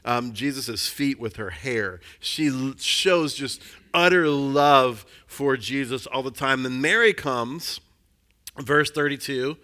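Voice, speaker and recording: A man giving an earnest, conversational sermon, reading scripture aloud and explaining it to his listeners. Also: medium pitch. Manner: earnest and conversational, drops softer on emphasis and acts out quoted voices. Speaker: preacher.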